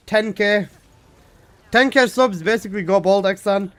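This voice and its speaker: A man's voice: high voice, a little slow, a bit bright. A young man streaming a game, chatting casually, reading chat aloud and answering with swearing and laughs.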